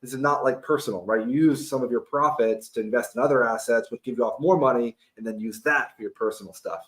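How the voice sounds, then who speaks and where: A man hosting a webinar, delivering a hyped, loose sales pitch full of "right?" and restarts. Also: fast talker. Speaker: webinar host pitching a course.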